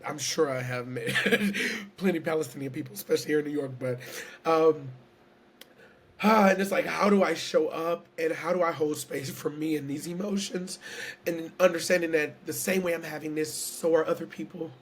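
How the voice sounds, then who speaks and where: A man's voice: on the high side, steady tone, normal speed, slightly rough. A man from Houston, Texas, speaking earnestly and reflectively as an interview guest, close to tears, often repeating himself. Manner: earnest, searching, repeats phrases, emotional. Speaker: guest storyteller and entertainer.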